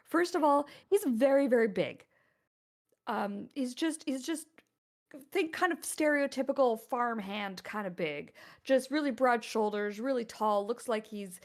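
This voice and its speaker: A woman narrating as game master of a tabletop game, in a hesitant, casual way full of pauses and restarts. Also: a little high.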